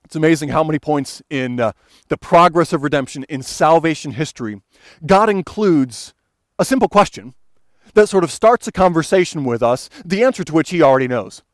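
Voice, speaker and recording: A man's voice: on the high side, animated, a little fast, dry recording. A man preaching a sermon in an earnest, pastoral way, building to fervent emphasis as he quotes. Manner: earnest, rising to fervent emphasis when quoting.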